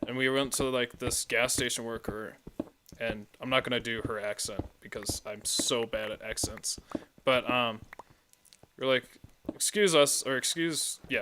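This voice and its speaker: A man from the United States streaming a game, chatting casually and telling stories in an excitable way, swearing freely. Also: mid-range voice, a little hiss or hum. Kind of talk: casual commentary while gaming.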